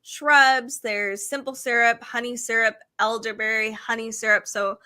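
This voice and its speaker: A woman's voice: on the high side, flat delivery, measured pace, pushed and bright. A woman on a casual live video chat, upbeat and enthusiastic as she walks through a book. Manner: upbeat, enthusiastic, listing things with small fillers.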